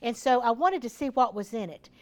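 A woman's voice: fairly high pitch, lively intonation, brisk, a little mellow. Chatty woman giving a health talk. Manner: chatty, practical, addresses listeners directly. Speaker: health speaker to a group. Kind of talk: informal health talk to a live group. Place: room with a small group.

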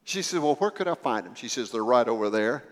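A man's voice: medium pitch, lively intonation, brisk, in a large hall. A man preaching a sermon, telling a story with acted dialogue and building to emphatic swells.

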